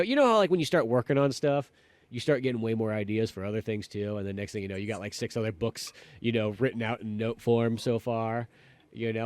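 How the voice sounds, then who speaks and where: A man's voice: mid-range voice, no room sound. A man co-hosting a podcast, chatting casually and animatedly, swearing now and then and rambling with lots of fillers. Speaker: podcast co-host. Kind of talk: casual chat.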